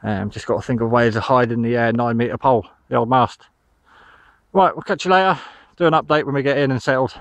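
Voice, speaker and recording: British man, casual outdoor vlog, a bit winded, dry close sound, mid pitch, rambling delivery. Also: brisk, no echo, highs cut off. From United Kingdom. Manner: rambling, with many ums. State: slightly out of breath. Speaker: vlogger. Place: outdoors in a field.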